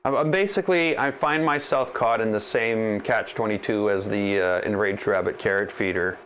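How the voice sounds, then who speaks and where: A man's voice: on the low side, moderate pace, fairly bright tone, a little hiss or hum. A man hosting a casual live stream while troubleshooting his 3D printer, talking straight to the machine in a sarcastic, exasperated way. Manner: talks to the machine directly.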